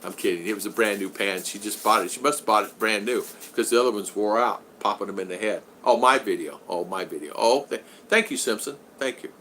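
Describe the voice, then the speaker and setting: An American man hosting a casual live stream from his home in the Philippines, rambling and greeting viewers by name with shout-outs. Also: fairly low pitch, a little fast, hardly any pauses, a little hiss or hum.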